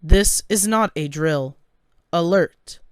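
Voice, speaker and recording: A blaring automated alarm announcer, as a man puts it on, raised in pitch and pushed loud. It barks short warnings over and over. The sound is dry and close. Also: takes it slowly, clean tone, dry recording. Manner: loud repeated alarm calls. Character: urgent male alarm announcement system.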